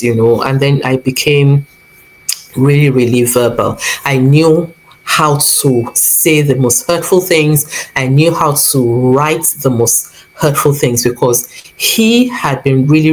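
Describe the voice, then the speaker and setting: A vlog host with a Nigerian accent and a very deep, slightly mellow voice earnestly tells a personal story, acting out what people said to her. She is an adult who was previously married and has a son. The recording is rough.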